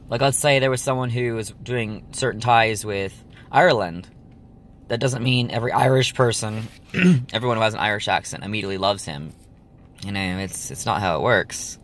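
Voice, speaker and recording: A man's voice: on the low side, normal speed, a bit bright, slight background noise. A young man chatting casually to his viewers, rambling with lots of ums and likes. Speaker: vlogger. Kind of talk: casual chat to camera.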